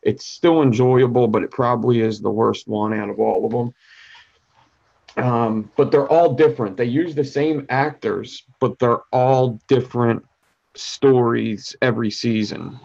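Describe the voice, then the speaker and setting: A man's voice: medium pitch, steady tone, unhurried, vocal fry, darkish tone. Easygoing Philadelphia man, lo-fi sound. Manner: easygoing, chatty recommending. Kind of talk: casual chat. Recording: dull lo-fi recording.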